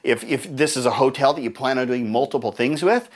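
A man leads a live seminar in the middle of his range, talking fast and with energy. He tells his stories with humor and acts out what other people said, his voice jumping up when he plays them. He sounds like a trainer speaking to a room full of people. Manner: animated storyteller acting out dialogue in higher voices.

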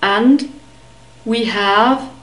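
Very slow-speaking woman teaching pronunciation. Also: fairly high pitch, fairly bright tone, echoey room, poor audio. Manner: carefully modeling sounds, repeating words slowly. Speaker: language teacher. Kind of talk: slow, deliberate pronunciation lesson.

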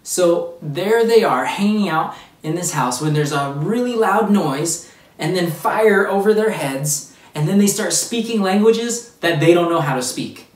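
An upbeat children's church teacher walks kids through a Bible story and chats with them directly. The voice sits at a middling pitch and sounds a little distant from the mic. It carries a roomy echo. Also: lively intonation, a little slow. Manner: upbeat, speaks straight to children. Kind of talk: kids' Bible lesson. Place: church room.

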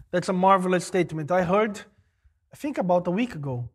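A middle-aged male pastor preaching a sermon, animated, rising to emphatic exclamations. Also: sits high, brisk, slightly rough.

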